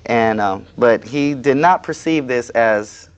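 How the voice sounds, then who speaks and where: Male interview guest, middle-pitched, plain-spoken and aggrieved. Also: slow pace, smooth, muffled recording. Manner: plain-spoken, aggrieved, recounting a workplace dispute. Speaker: guest, activist. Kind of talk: casual interview talk. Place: TV studio.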